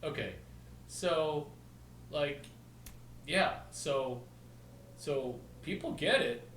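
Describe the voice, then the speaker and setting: A man's voice: fairly high pitch, expressive, very slow, fairly bright tone, roomy sound, far from the mic, a little hiss or hum, rough recording. Rambling man talking away from the mic. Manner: rambling, jumps between topics, spells out names. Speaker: video host. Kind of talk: rambling casual storytelling.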